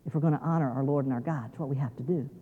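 Racing along in a husky, mid-range voice, a guest preacher addresses seminary students over narrow, tinny audio, with the long reverb of a large chapel behind him. His manner is folksy and plain-spoken, broken by small restarts. Whenever he circles back to his main point, he turns emphatic and repeats the key phrases.

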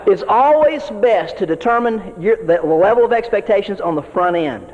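A man's voice: high-pitched, lively intonation, moderate pace, darkish tone, slight background noise. A man preaching as a pastor, earnest and folksy, often repeating words as he builds each point. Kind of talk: sermon to fellow ministers. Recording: dull audio with long hall reverb.

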